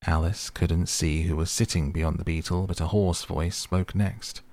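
A man reading a storybook aloud in a calm, even manner. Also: sits low, normal speed, no echo. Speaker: narrator. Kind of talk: audiobook reading.

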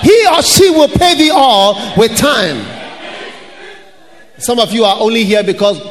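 A pastor preaching a sermon to his church, shouting and chanting in a sing-song way, with laughs and mocking voices. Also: very high voice. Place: large church hall. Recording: hall reverb with faint noise.

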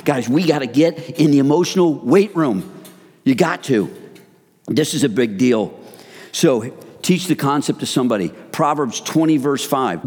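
A man's voice: medium pitch, animated, normal speed, darkish tone, husky. Guy preaching to the men, pushy and emphatic, keeps saying guys, long echo from the hall. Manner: emphatic and exhorting, addresses listeners as guys. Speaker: men's group preacher. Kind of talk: sermon.

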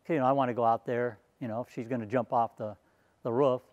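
A man's voice: mid-range voice, steady tone, quick pace, a little mellow, no echo, lo-fi sound. A man telling a personal story in an earnest, conversational way, slipping into sermon-like appeals. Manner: earnest, conversational, turns preachy at the end. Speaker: speaker sharing a testimony.

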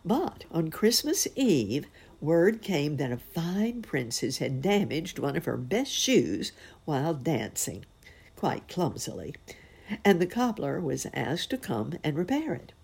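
A woman telling a fairy tale as a storybook reading, expressive and unhurried. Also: low voice, gravelly, husky.

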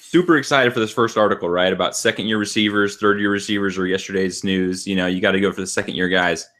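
Low-voiced man telling a wry gripe. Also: fairly even intonation, fast talker, fairly bright tone. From California. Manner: wry, complaining storyteller. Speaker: fantasy football writer. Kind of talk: casual sports chat.

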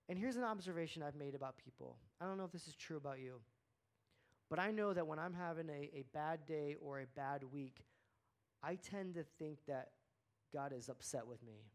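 A man's voice: high voice, darkish tone. Earnest conversational male preacher. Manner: conversational preaching, earnest, with repeated words and phrases. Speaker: pastor. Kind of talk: sermon.

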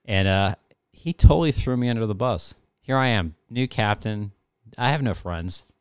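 Deep-voiced retired pilot telling war stories. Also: male voice, moderate pace, smooth, dry recording, studio quality. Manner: profane, animated storyteller. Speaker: retired fighter pilot guest. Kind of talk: casual storytelling interview.

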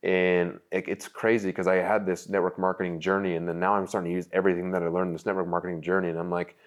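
Deep-voiced young male guest, candid, rambling, emotional storyteller. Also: flat delivery, fast talker. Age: young adult. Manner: rambling, emotional, many likes and restarts.

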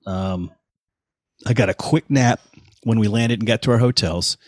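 Man, 50s, interview guest, lively storyteller, lowish voice, dry close sound. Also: normal speed, dry recording. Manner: animated anecdotes, acts out quoted voices. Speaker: guest musician, touring bassist.

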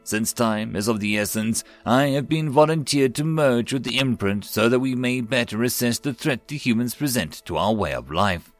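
A man's voice: mid-range voice, animated, moderate pace, few pauses, dry recording, soft background music, natural voice. A man voicing a gaunt male alien psychic who reports to a council in a thin, nasal, formal voice. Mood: grave.

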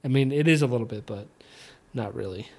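A man's voice: mid-range voice, fairly quick, gravelly. A young man hosting his own podcast, chatting casually and rambling with lots of fillers and restarts, now and then slipping into a slight Southern twang. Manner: slips into a slight Southern twang on country music. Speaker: podcast host. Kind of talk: casual solo chat while watching fights.

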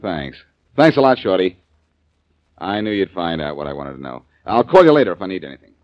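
An actor playing a wisecracking tough private detective, sardonic and quick-witted, in 1940s radio acting on a muffled old recording. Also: male voice, low voice, big pitch swings, dry recording.

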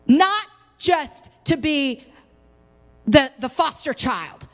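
Young woman preaching, high voice, big swings loud to soft, long hall echo. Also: lively intonation, slow, vocal fry. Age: young adult. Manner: impassioned, swinging from loud highs to soft lows. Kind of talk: sermon.

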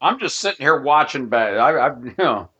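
Husky, laughing man chatting at a game table. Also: medium pitch, very animated, moderate pace, bright, forceful tone, dull audio. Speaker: player. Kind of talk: casual chat.

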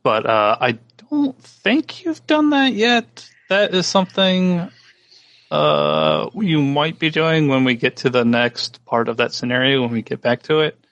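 A man's voice: fairly high pitch, lively intonation, unhurried, fairly bright tone, dry recording, muffled recording. A man who runs tabletop games, explaining his approach hesitantly with lots of fillers. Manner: hesitant, with many "like" fillers and restarts. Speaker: game master. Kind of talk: casual tabletop gaming discussion.

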